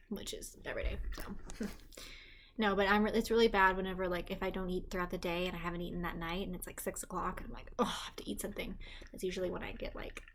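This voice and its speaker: A young woman casually chatting in a vlog, rambling on tangents and often speaking quietly and hushed while her partner sleeps nearby. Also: medium pitch, a little hiss or hum. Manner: rambling, chatty, self-deprecating. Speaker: vlogger. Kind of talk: casual pregnancy update vlog.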